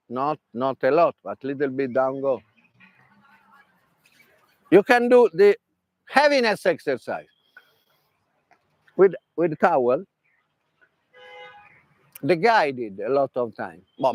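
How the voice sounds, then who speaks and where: In fairly high tones, the Italian coach animatedly explains tennis mental training to a workshop, demonstrating as he goes in non-native, broken English with an Italian accent. No echo is audible.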